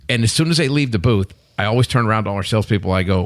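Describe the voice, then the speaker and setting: A man, a guest on a podcast, telling animated anecdotes and acting out what people said in a casual chat. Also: lowish voice, very fast, few pauses. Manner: animated anecdotes with acted-out quotes. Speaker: guest, company executive. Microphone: podcast studio mic.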